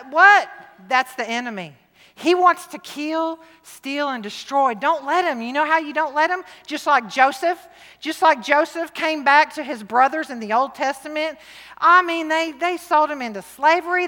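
A middle-aged woman, preaching to a women's rally with lively, emphatic, jokey swings between loud and hushed. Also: high voice, normal speed. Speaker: women's conference speaker. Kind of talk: sermon. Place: large church hall. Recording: long hall reverb.

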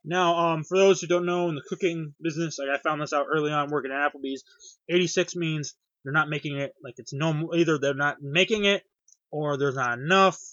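High-voiced man rambling through a recap. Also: fairly even intonation, fairly quick, a bit bright, no room sound, lo-fi sound. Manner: rambling storyteller who acts out quoted lines, swears freely. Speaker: podcast co-host recapping a reality cooking show. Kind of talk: casual chat.

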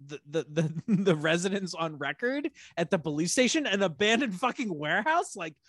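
A man co-hosting a podcast, chatting casually about a TV episode, incredulous and animated, laughing often and swearing. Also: high-pitched, moderate pace, no echo, studio quality. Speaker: podcast co-host. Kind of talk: casual chat recapping a TV episode. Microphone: close podcast mic.

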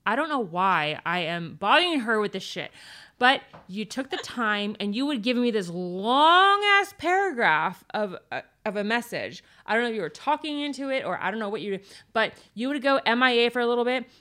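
A woman in casual podcast chat, telling a story with emphasis, some swearing and lively retold quotes. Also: fairly high pitch, moderate pace. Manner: emphatic and profane, animated storytelling.

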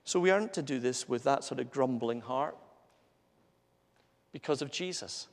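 A man's voice: medium pitch, normal speed. A man preaching an earnest, conversational sermon, asking his listeners rhetorical questions. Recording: long hall reverb.

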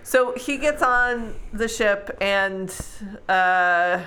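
A woman co-hosting a podcast, recapping a book in casual chat, animated and laughing often. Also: mid-range voice, very slow. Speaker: podcast co-host.

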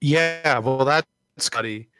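A man co-hosting a podcast, talking in a halting way with restarts, casual banter. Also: mid-range voice, a bit bright, soft background music. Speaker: podcast co-host.

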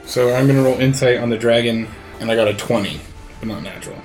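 A man's voice: medium pitch, fast talker, darkish tone, faint music behind. A man playing in a tabletop game, calling out his dice rolls in a matter-of-fact way. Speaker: player.

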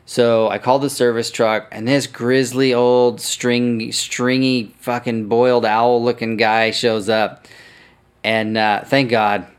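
A man's voice: mid-range voice, level tone, slow, clear, resonant tone. A man hosting a podcast, telling a story casually, swearing freely and correcting himself as he goes. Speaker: podcast host.

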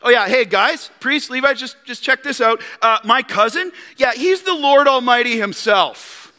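A man's voice: sits high, animated, moderate pace, bright, forceful tone, clear, resonant tone, long reverb tail. A man putting on a bragging young prophet. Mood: smug. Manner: smug, bragging, casual slangy asides. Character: boastful young male prophet showing off his credentials.

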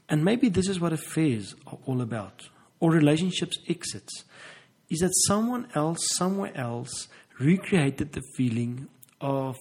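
A man speaking as a couples therapist in a reflective motivational talk, with slow, earnest and emphatic phrasing. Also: mid-range voice, gravelly, a little mellow, husky, poor audio.

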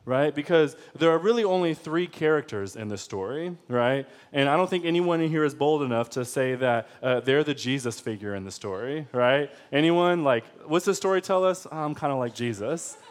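A man preaching a sermon with a slightly high voice. He keeps it casual and lively, putting questions to his listeners and checking that they follow. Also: moderate pace, few pauses. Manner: conversational and lively, asks the congregation questions. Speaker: pastor.

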